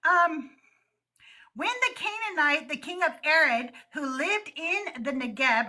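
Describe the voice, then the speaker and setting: A woman's voice: sits high, bright, forceful tone. A young woman hosting a live stream, reading scripture aloud and breaking off with laughing, sarcastic asides. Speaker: host of a call-in show.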